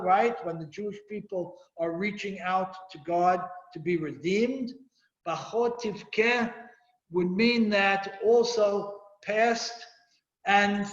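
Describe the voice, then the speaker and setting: High-pitched rabbi teaching torah class, quizzing students, dull lo-fi echoey recording. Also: male voice. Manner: reads Hebrew verses then explains them, quizzes students. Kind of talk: Torah class lecture with questions. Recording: echoey room, dull lo-fi sound.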